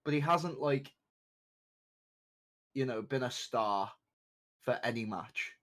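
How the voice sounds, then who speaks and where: A man's voice: mid-range voice, slow, a bit bright. A man casually chatting while streaming a watch party of an esports match, rambling with fillers and restarts.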